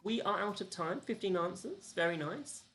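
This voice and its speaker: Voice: medium pitch, expressive, moderate pace, fairly bright tone, soft background music. A live-streamed quiz host, chatty and self-deprecating, counting down the clock and reading out the answers and the leaderboard.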